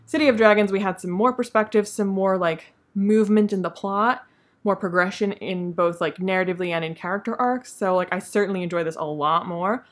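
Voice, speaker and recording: A woman chatting casually through her monthly reading wrap-up, opinionated and quick to laugh. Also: medium pitch. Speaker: book reviewer.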